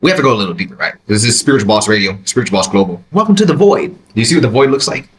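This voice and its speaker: A man hosting his own podcast, reacting to a clip with emphatic, animated commentary from a quiet, empty room. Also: racing, rough recording. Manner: animated, emphatic, jumps to high exclamations. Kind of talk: reaction commentary, casual monologue.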